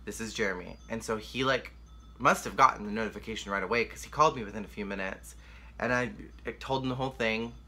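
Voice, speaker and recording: A man's voice: on the low side, fast, sharp tone. A young man candidly telling a painful personal story to the camera, emotional and rambling, with lots of "like.". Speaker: vlogger.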